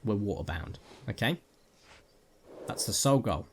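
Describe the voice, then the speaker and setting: With a voice on the low side, expressive and at normal speed, a man gives jokey, jumpy live gameplay commentary to his viewers. He's a gaming video creator using a headset mic, and there's a little hiss or hum.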